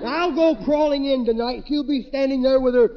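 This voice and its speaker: Een aangeschoten grappenmaker, hoog en ruisig. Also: male voice, extremely high pitch, a little fast. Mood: tipsy. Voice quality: slurred, rambling drunk patter. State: drunk. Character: tipsy wisecracking man named Willie, drunk on Christmas. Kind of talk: 1940s radio comedy acting. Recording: noisy dull old radio broadcast.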